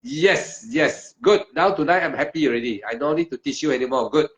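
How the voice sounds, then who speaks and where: A man's voice: on the high side, animated, fairly quick. A man teaching meditation one-on-one, speaking in short, emphatic, repeated phrases of simple broken English. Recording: dull lo-fi recording.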